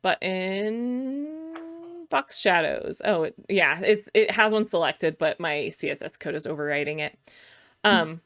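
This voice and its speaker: A woman's voice: lowish voice, expressive, a little slow, a bit bright. A woman co-hosting a casual chat, thinking aloud with fillers and laughing often. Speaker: co-host. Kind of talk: casual chat while sharing screen.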